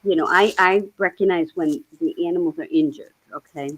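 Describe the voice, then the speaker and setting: A woman on a video call, chatting casually and telling rambling, animated stories. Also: lowish voice, normal speed, slightly rough, low-quality recording. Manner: rambling, animated storytelling with laughs. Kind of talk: casual chat.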